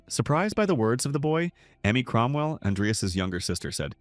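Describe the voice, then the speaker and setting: A man's voice: lowish voice, animated, fast, no room sound, soft background music. A man narrating a scripted story recap.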